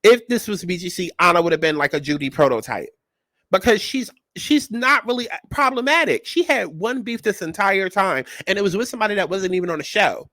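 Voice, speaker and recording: A man hosting a reality TV recap, talking in a sassy, animated and profane way and repeating his punchlines. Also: high-pitched, fairly quick, dry recording. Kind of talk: casual commentary.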